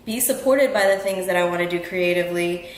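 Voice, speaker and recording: In a fairly low voice, a little fast, a woman hosting her own podcast talks casually and earnestly to her listeners from a home room in Houston. Ums and restarts come frequently. The rough recording is reverberant, with a bit of hiss or hum.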